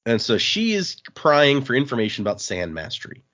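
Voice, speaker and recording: A man hosting a podcast, recapping a comic in a relaxed, rambling chat full of fillers. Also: medium pitch, brisk. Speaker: podcast host. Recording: dull lo-fi sound.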